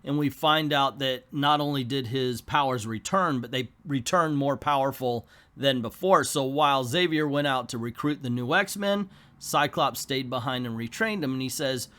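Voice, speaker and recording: A man's voice: mid-range voice, moderate pace, bright, forceful tone. Chatty man recapping comic books. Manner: chatty, joking asides. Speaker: comic book video host. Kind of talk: casual comic recap narration.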